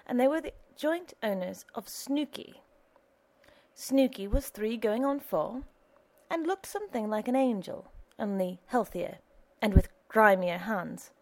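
A woman narrating an audiobook in an even, measured storytelling manner. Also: medium pitch.

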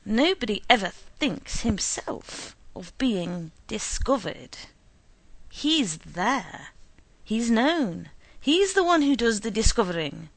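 A petulant, easily upset husband who bellows his points and will not let a matter drop, as a woman reads him. The voice swings widely and carries a gravelly edge, recorded close and dry. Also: a little high, sing-song, slow, no echo, exaggerated voice. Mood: insistent. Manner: loud, insistent outbursts.

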